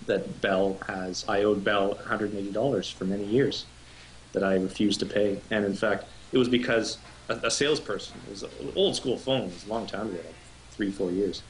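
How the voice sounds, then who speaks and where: A man's voice: fairly low pitch, a little fast, a little hiss or hum, low-quality recording. Rambling, swearing man telling a story. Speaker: co-host. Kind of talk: casual live-stream chat.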